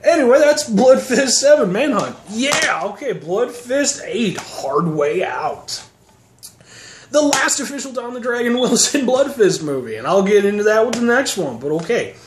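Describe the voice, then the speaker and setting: A man's voice: very high-pitched, very animated, normal speed. A man sarcastically recapping action movies in a casual, profane, rambling way. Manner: sarcastic, profane, mocking voices. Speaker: movie reviewer. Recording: echoey room, faint noise.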